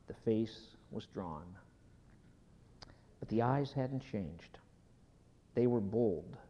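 A man preaching a sermon, telling a personal story slowly and dropping at times to a hushed whisper before leading a prayer. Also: medium pitch. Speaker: pastor. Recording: dull sound in a hall with long reverb.

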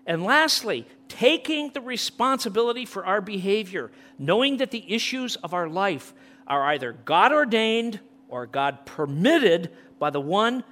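A middle-aged male pastor preaching an impassioned sermon, swinging from loud peaks to near-whispers. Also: a little high.

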